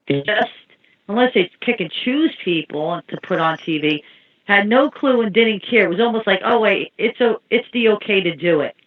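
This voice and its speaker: A woman telling rambling anecdotes in casual chat. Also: medium pitch. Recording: tinny phone-like line.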